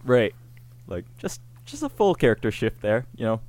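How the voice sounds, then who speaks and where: A man's voice: medium pitch, sing-song, normal speed, darkish tone. A man co-hosting a podcast in casual chat, joking around and laughing often. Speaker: podcast co-host.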